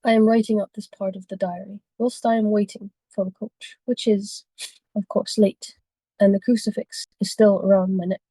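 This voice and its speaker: Woman, book club reader, reading aloud, very mellow tone, dry recording, small self-corrections. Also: mid-range voice, flat delivery, normal speed, no room sound, poor audio. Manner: reads steadily with small slips and self-corrections.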